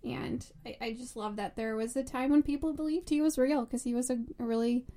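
Woman, podcast co-host, bright higher voice, giggly, rambling, enthusiastic. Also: a little fast. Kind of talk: casual book chat.

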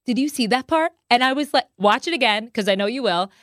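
A young woman hosting a casual podcast chat. She talks in an animated way and acts out quotes with big jumps in pitch. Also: fast talker, no room sound, clean studio sound. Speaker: podcast host.

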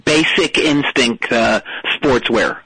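A man's voice: mid-range voice, slow, a bit bright, slightly rough, dry recording, heavily acted, poor audio. A man playing a jittery, hyped-up caller on a comedy call-in show, rambling from tangent to tangent. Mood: wired. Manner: wired, rambling, jumps between tangents. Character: jittery hyped-up adult male caller, rock-band hanger-on. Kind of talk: comedic prank-call character.

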